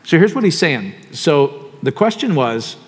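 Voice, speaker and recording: A man preaching a sermon in a relaxed, conversational way, often asking the audience questions. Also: on the high side, measured pace, husky. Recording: long hall reverb.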